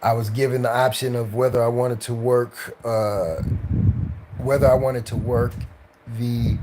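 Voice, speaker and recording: A man's voice: mid-range voice, steady tone, unhurried, background noise. A tired man, an actor, telling career stories on a casual live stream, rambling with many fillers and restarts and slipping into voices for other people. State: tired, late at night.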